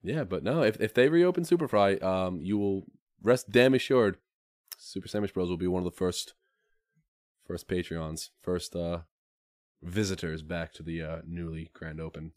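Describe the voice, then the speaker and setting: A man's voice: low-pitched, normal speed, a little mellow, no echo, studio quality. A man guesting on a podcast, chatting casually in an easygoing way, laughing often. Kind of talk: casual chat.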